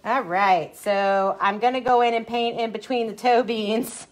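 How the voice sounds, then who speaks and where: A woman's voice: on the high side, steady tone, measured pace. A woman dog groomer leading a live-stream grooming tutorial, chatty and self-mocking, laughing often as she works in a grooming salon. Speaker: dog groomer demonstrating dye techniques.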